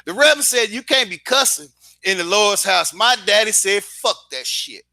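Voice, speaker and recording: A man from Dayton, Ohio, a stand-up comedian telling a joke story with animated delivery and acted-out voices. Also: high voice, a little fast, creaky, no room sound.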